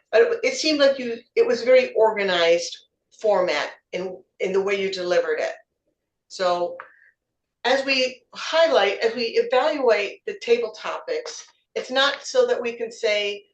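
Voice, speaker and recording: A woman's voice: medium pitch, distant mic, a little hiss or hum. A woman giving encouraging feedback on impromptu speeches at a club meeting, often repeating words as she finds her phrasing. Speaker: table topics evaluator. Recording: echoey room, voice from away from the mic.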